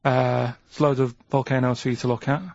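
A man's voice: medium pitch, little pitch movement, a little fast, creaky, darkish tone, no echo. A man in casual chat, telling a rambling story with many fillers. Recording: dry lo-fi recording.

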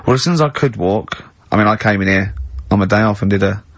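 A man's voice: on the low side, fast, a bit bright, no echo. A man hosting a radio show, laughing a lot and telling anecdotes in casual studio banter. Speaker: radio host. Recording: dull lo-fi radio recording.

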